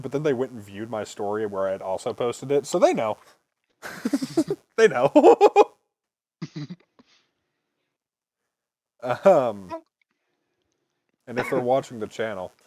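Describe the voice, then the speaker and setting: Young man, early 20s, podcast host, casual rambling storytelling, swears a lot, bouncy pitch. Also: dark tone, no room sound. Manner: swears freely, laughs often, rambling.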